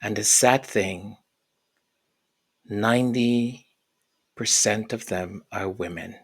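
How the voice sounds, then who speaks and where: Slow, scornful woman ranting. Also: very deep voice, breathy edge. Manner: scornful, emphatic, repeats and stumbles over words. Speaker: royal commentary vlogger. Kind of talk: opinionated commentary rant.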